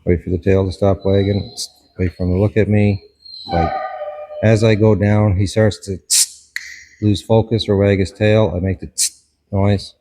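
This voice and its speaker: A man gives a dog training lesson as he works with the dog, calm and instructive, with short commands. His voice sits fairly low and sounds a little husky. A long reverb trails after his words. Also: unhurried, pauses often. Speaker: dog behaviourist. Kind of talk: hands-on training demonstration.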